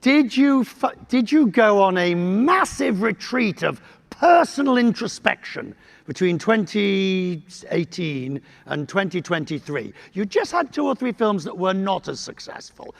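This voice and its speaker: A man interviews a guest on a conference stage. His voice is high and gravelly, with lively swings in pitch, and he stumbles and repeats words as he builds his questions. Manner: halting, repeats words while forming questions.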